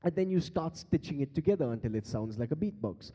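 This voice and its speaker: During a live workshop on a large conference hall stage, a beatbox performer teaches the crowd, quizzing them playfully over a handheld mic and laughing often. His slightly high, mellow voice has lively intonation and moves fairly quickly with hardly any pauses, and the PA leaves long hall reverb.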